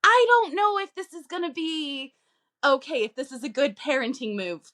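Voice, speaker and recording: A woman's voice: sits high, pushed and bright. A woman co-hosting a podcast in casual chat, telling stories as a mother in a talkative way. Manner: chatty, storytelling, laughs easily. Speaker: podcast co-host.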